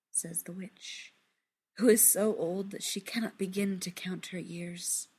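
A woman reading a literary story aloud in a hushed, measured, intimate way, often dropping into a whisper. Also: lowish voice, fairly even intonation, slightly rough.

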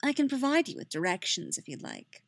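A woman's voice: a little high, huge pitch swings, brisk, vocal fry, no room sound, voice pushed up, full character voice. A woman voicing a snide, icily polite young male hotel clerk in a fan fiction reading. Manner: prissy, coldly condescending.

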